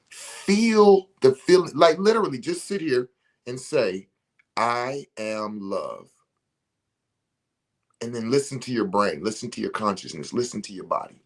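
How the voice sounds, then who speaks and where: A man leading a motivational spiritual talk, preaching emphatically and speaking straight to his listeners as a ceremony facilitator. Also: medium pitch.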